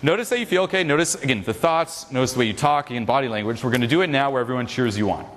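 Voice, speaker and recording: A man leading a seminar, coaching a live audience in a loud, profane, energetic way. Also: mid-range voice, rapid-fire. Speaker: seminar leader. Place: large hall with a live audience. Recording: echoey hall with crowd noise.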